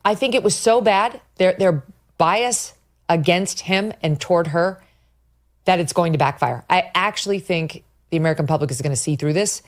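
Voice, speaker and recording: Angry woman ranting with profanity. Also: lowish voice. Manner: indignant, profane, sarcastic. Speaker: podcast host. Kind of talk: angry commentary rant.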